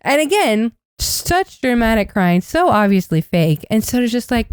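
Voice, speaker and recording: A woman co-hosting a podcast, telling stories with animated, acted-out quotes in casual chat. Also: on the high side, moderate pace, few pauses, smooth, no room sound, clean studio sound. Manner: animated storytelling, acts out quotes. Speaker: podcast co-host.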